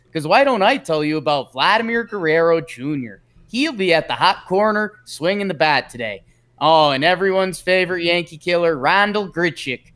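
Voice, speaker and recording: A man putting on a goofy Canadian baseball announcer, folksy and sing-song, his voice pitched up high. The delivery is broad and hammy, with plenty of bounce. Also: a bit bright.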